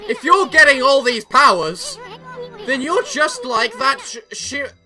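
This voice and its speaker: A woman voicing a brash, cheeky little male companion who teases and gets excited. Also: high-pitched, measured pace, voice pushed up, full character voice. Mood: cocky. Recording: game music behind.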